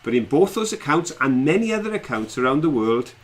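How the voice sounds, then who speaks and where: A man's voice: mid-range voice, big pitch swings, a little fast. A man co-hosting a casual live stream, rambling and chatty, laughing often as he talks. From England.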